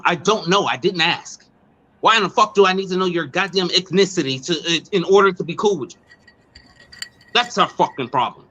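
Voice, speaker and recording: High-pitched cussing dude ranting, bright sharp voice, dull lo-fi audio. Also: male voice. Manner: profane, animated, repeats words. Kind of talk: casual ranting storytelling. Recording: dull lo-fi sound.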